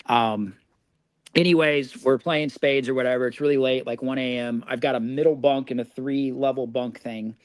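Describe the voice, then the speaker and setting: A man in his forties who grew up in Indiana talks as a podcast guest, spinning his stories in a loose, chatty way. He laughs easily at his own misadventures. His voice sits at an ordinary middle pitch, and the recording is dry and close. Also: dry recording. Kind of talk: casual storytelling.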